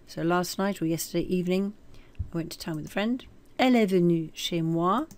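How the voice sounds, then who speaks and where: A woman's voice: fairly low pitch, fairly quick, darkish tone. A woman teaching French, reading short sentences and then translating and commenting on them, with asides where she corrects herself. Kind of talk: recorded language lesson.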